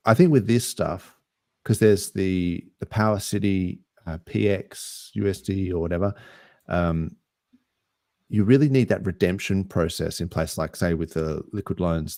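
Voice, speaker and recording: A man with an Australian accent co-hosting a casual podcast chat, relaxed and rambling with easy laughs. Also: low voice, gravelly, no echo, clean studio sound. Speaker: podcast co-host.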